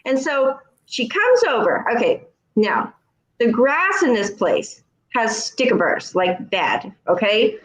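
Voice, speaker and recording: Casting note: higher-voiced woman, lively storyteller, roomy echo. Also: takes it slowly. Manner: animated, acts out other voices in her stories. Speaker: co-host. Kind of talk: casual storytelling chat. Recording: echoey room.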